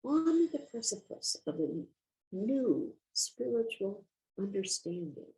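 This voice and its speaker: An older woman voicing a kind stranger who offers reassuring words in a gentle way. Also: mid-range voice, big pitch swings, takes it slowly, low-quality recording. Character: kindly woman offering comfort.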